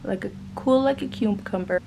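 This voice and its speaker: At home, doing her makeup, a young vlogger chats her way through a story, rambling and saying "like" a lot. She speaks at a moderate pace with a medium-pitched, creaky, dark-toned voice, on poor audio with slight background noise.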